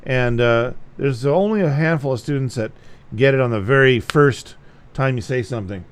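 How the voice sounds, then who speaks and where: A man's voice: mid-range voice, normal speed. A man giving a casual guitar lesson, talking bluntly and repeating himself to drive a point home. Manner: blunt, repetitive, plain-spoken. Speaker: guitar teacher.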